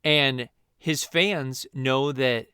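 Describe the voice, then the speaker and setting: A man's voice: mid-range voice, very slow, clear, resonant tone, no echo, clean studio sound. A man co-hosting a podcast, chatting casually about films and packing in trivia with lots of chuckles. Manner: animated, trivia-loaded, chuckles often. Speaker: podcast co-host. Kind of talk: casual movie chat.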